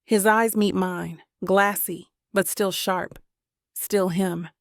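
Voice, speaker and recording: A woman's voice: medium pitch, steady tone, slow, creaky, dry recording. A woman narrating a first-person romance audiobook with dramatic, emotional delivery on a close studio mic.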